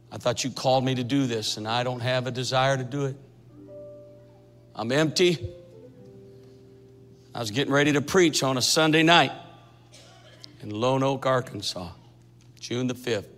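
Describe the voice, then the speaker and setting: Brief: man in his 60s, forceful dramatic sermon testimony, echoey sanctuary with soft music. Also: mid-range voice. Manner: dramatic storytelling that builds to fervent shouting. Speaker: preacher. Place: church sanctuary. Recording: echoey church hall with faint music.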